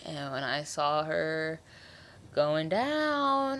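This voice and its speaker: A young woman hosts a podcast in loose, slangy talk, getting emotional as she recaps. Her voice sits a bit low but swings widely up and down, very animated. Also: measured pace. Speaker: podcast host. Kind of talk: casual TV episode recap.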